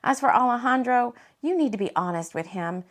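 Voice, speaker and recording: A woman voicing a female Reiki healer, speaking in a soothing, steady, reassuring way. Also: a little high, a little fast. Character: calm, caring female Reiki healer friend.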